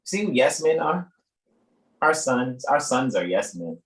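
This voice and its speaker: A man hosting a live reading, talking off the cuff in a rambling, animated way and laughing often. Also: medium pitch, a little slow. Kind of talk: casual improvised commentary. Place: room in a shop. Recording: echoey room.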